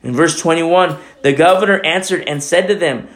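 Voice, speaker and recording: Emphatic conversational preacher in a roomy church. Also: male voice, on the high side, moderate pace, hardly any pauses. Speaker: pastor. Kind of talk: sermon.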